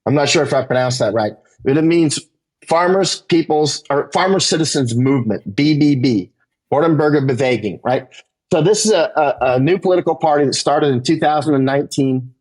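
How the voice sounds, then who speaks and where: A man, a war correspondent, giving an emphatic interview monologue that climbs higher in pitch as he gets worked up, with frequent "right?" tags. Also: a little mellow.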